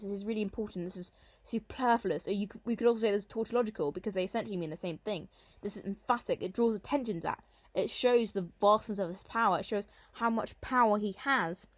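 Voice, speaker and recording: A woman teacher working through a Latin poem line by line, explaining the devices and slowing down to read the translated lines with emphasis. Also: medium pitch, no room sound. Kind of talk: Latin poetry lesson, line-by-line analysis.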